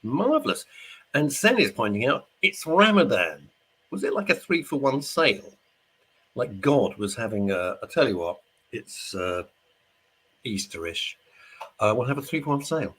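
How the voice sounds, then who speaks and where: A man's voice: mid-range voice, big pitch swings, normal speed, fairly bright tone, slightly rough. A middle-aged man hosting a radio show, chatting casually and jokingly while reading out listener messages. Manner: chatty, jokey, rambling. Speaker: radio host. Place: studio.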